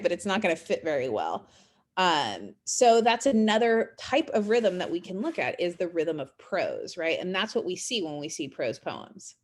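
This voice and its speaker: In a recorded college English lecture, a woman with a lowish voice explains literary terms conversationally, using fillers and check-in questions. She also reads poems aloud slowly.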